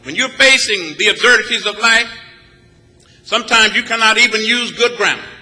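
A preacher from Texas builds his sermon with rhythmic, emphatic repetition. His voice is high and very bright, and the long reverb of a large church follows his words. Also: moderate pace. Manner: rhythmic, emphatic, with repeated phrases. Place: church sanctuary. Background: congregation answering back.

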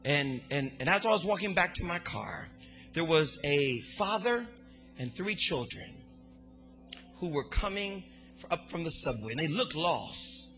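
A man preaching a sermon in a sing-song cadence, swinging between hushed, quiet passages and fervent shouting. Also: fairly high pitch, very animated, a little slow, faint music behind.

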